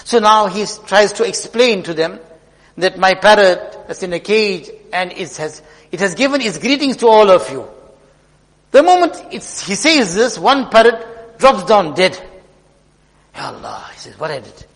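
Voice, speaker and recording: High-voiced preacher. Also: male voice, expressive, moderate pace, fairly bright tone. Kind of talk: sermon with storytelling. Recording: long hall reverb.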